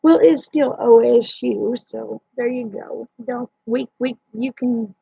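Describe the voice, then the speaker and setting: A woman's voice: a little high, slow, creaky, warm tone, husky, no room sound. A woman hosting a casual late-night livestream, chatting with viewers in a folksy, teasing way. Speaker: livestream host. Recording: dry, dull lo-fi stream audio.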